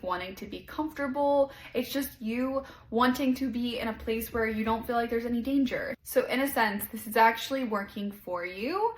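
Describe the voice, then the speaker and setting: Encouraging woman podcast host, echoey room. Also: mid-range voice. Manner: gentle, encouraging, says "like" often. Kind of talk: casual self-help talk.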